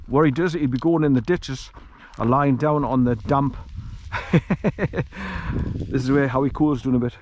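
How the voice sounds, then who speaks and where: A man talks his way down a countryside hill track in a loose, rambling vlog style, often breaking into a chuckle. His voice sits at an ordinary middle pitch. It is recorded outdoors on a carried action camera, with a faint hiss of noise behind him. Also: fairly even intonation, normal speed, a little mellow. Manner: chatty and rambling, with frequent chuckles. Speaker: vlogger walking his dog. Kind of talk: casual walk-and-talk narration. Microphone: action camera carried while walking.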